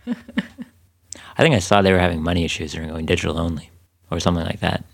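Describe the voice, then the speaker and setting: Podcast co-host, male, very low voice, playful and jokey, casual delivery. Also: animated, brisk. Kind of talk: casual chat.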